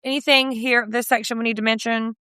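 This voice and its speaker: A woman's voice: fairly high pitch, flat delivery, fairly quick, sharp tone, clean tone, no echo. A woman co-hosting a podcast, chatting casually about a reality show, swearing freely. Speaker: podcast co-host. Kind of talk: casual recap chat.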